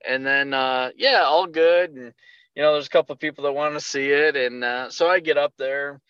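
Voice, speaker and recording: A man co-hosting a podcast, telling a story in casual chat and acting out the quotes with a lively voice. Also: medium pitch, brisk, smooth, no echo, lo-fi sound. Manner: animated storyteller, acts out quotes. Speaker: podcast co-host.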